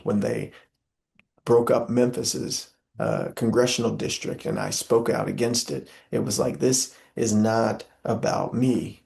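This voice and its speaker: A young adult man from the Southern US, guesting on an interview, has a fairly low, creaky voice with a warm tone. He speaks earnestly in a preacherly, impassioned style, repeatedly using the filler "uh."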